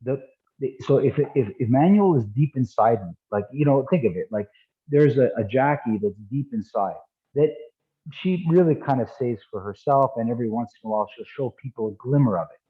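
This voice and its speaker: A man coaching his students over an online video call, his voice thin and phone-like. He talks in an animated, casual way, repeating himself, restarting sentences and laughing now and then. His pitch sits right in the middle. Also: fairly quick. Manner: animated, repetitive, frequent false starts and laughs. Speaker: martial arts instructor. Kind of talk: casual spoken teaching. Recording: tinny phone-like audio.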